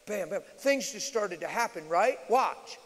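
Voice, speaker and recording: Man, high voice, emphatic sermon delivery, long reverb. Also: animated, a little slow. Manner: emphatic, shifts from loud declarations to low asides. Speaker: preacher. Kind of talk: sermon-style Q&A teaching. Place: large church hall, live audience. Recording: reverberant hall.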